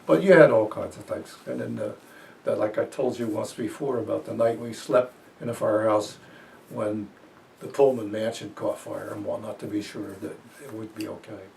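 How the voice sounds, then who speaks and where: A man's voice: fairly low pitch, fairly even intonation, moderate pace, gravelly, a little mellow, recorded from a distance, slight background noise. A man in his eighties from New Jersey, telling old stories in a rambling, chuckling way during an interview. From New Jersey, USA. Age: 80s. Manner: rambling storyteller, fillers and chuckles. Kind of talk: reminiscing interview.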